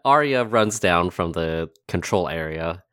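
Low-voiced dungeon master, casual narration. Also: male voice, animated, unhurried, a bit bright, clean tone, no echo, clean studio sound. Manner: casual, self-correcting, chuckling. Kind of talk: narrating a tabletop game.

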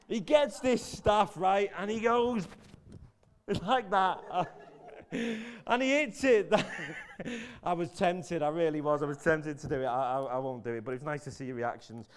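A man's voice: high-pitched, measured pace. A man giving a chatty, jokey sermon in a church, telling the story with many restarts. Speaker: preacher. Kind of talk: casual sermon.

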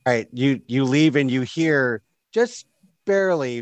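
A man's voice: mid-range voice, normal speed, no echo. Man running a tabletop game. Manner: casual, rambling narration with fillers. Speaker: game master.

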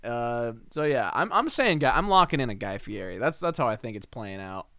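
A man's voice: medium pitch, big pitch swings, fairly quick, creaky, fairly bright tone, no echo, studio quality. A man co-hosting a podcast, trading profane jokes in casual chat and laughing often. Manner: joking, profane banter with frequent laughter. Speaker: podcast co-host.

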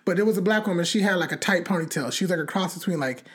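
A young woman in casual chat, telling a long story in a rambling, animated way, full of fillers and cussing. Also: lowish voice, very fast.

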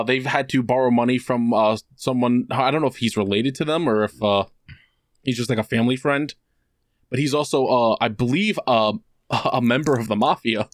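A man's voice: mid-range voice, moderate pace, no room sound. Rambling male podcast host, dry sound. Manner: rambling storyteller, many fillers, acts out quotes. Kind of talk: casual chat.

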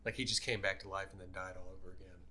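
A man playing a tabletop game, thinking aloud in a relaxed way as he describes his moves. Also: deep voice, rapid-fire, slight background noise. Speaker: player. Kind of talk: casual tabletop play.

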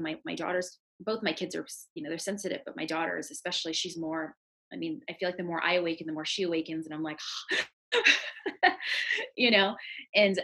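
A woman host with a fairly low voice talks about spiritual matters in a casual chat. She speaks with animation and acts out the voices of her body and soul as she goes. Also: vocal fry, rough recording. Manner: animated, quotes her own inner voices.

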